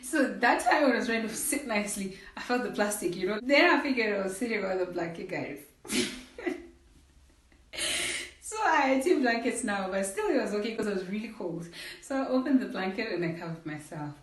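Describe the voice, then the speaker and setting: In a roomy, echoing space and far from the mic, a young Zimbabwean vlogger narrates a casual story for her viewers, voicing the characters and repeatedly saying "guys." Her mid-range voice has lively intonation and a brisk pace.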